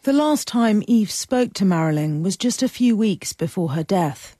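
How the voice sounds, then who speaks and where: A woman giving scripted documentary narration in a measured, even manner. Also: mid-range voice, no echo, studio quality.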